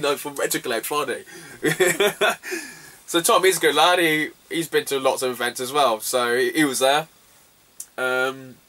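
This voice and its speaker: A man in his thirties with an English accent spins a loose, laughing story, swearing freely and acting out what his mates said. His voice is bright and sits a little high, and it sounds slightly distant from the mic. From Cornwall. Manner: swears freely, laughs often, acts out quoted lines. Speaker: retro gaming vlogger. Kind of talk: casual anecdotal storytelling.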